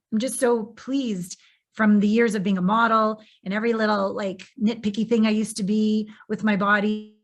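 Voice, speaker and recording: Effusive woman hosting a podcast. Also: mid-range voice. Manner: effusive and searching, full of "like" and restarts. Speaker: podcast host. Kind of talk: casual interview conversation.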